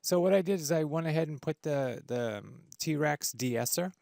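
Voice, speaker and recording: A man hosting a casual audio software tutorial, enthusiastic and full of fillers and restarts. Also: on the high side, animated, moderate pace, creaky, dry recording, clean studio sound. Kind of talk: screen-recorded software tutorial. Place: home studio with treated room.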